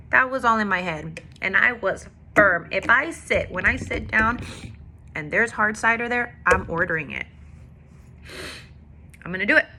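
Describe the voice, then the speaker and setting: A woman's voice: fairly high pitch, sharp tone, a little hiss or hum. A woman with a daughter telling a candid, emotional faith testimony in a personal vlog. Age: adult with a daughter. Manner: candid, confessional, emotional storytelling. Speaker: faith vlogger.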